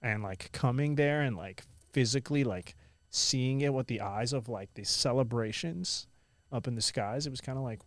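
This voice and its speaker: A young man from India who now speaks with an American accent, telling stories as a guest in a casual interview, animated and full of "like". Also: medium pitch, normal speed, dry recording. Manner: animated, lots of "like" and "I was like" quotes.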